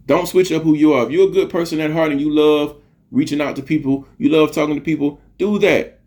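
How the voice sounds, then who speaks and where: A man's voice: fairly high pitch, steady tone, fairly quick, a little mellow. A middle-aged man hosting a podcast, giving an earnest, preachy motivational monologue, repeating phrases for emphasis and swearing casually. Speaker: podcast host.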